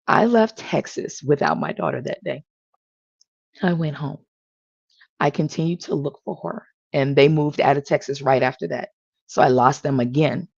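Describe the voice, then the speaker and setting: Earnest woman telling her story, dry close sound, bit of fry. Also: low voice, no echo. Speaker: panel guest sharing her story. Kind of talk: personal testimony. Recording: dull lo-fi audio.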